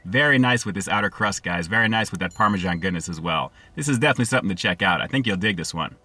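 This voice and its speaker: A man reviewing fast food for his channel, upbeat and slangy, talking straight to his viewers. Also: low voice, expressive, bright, forceful tone, no echo. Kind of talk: casual food review vlog.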